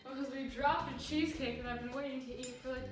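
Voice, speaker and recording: Eager higher-voiced woman co-host. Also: steady tone, fast, echoey room, music in the background. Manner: eager, brief remarks. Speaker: food review vlog co-host. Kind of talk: casual food review chat.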